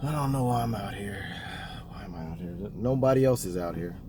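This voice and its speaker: A man's voice: medium pitch, big pitch swings, brisk, creaky, noisy background. A man, chatting to viewers in a self-mocking way while fishing by a river in a snow storm. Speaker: fishing vlogger. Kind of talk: casual outdoor vlog talk.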